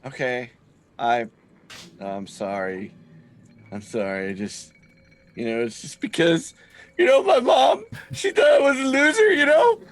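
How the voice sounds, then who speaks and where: A drunken adventurer who is sobbing hysterically and pitying himself, as a man voices him in a tabletop game. He speaks in an affected accent. His pitch jumps around a lot. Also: animated, slow, pauses often. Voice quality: put-on accent. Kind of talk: tabletop role-play.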